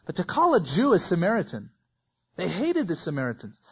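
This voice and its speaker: A man's voice: high-pitched, huge pitch swings, brisk, husky, dull audio. A man preaching a verse-by-verse sermon, reading scripture aloud with folksy asides.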